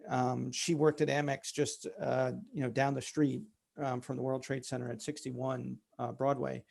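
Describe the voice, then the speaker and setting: A man's voice: mid-range voice, level tone, normal speed, gravelly, a little mellow. A man, a company founder, candidly telling a personal story in an interview, with many fillers. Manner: candid, many fillers, relives events vividly.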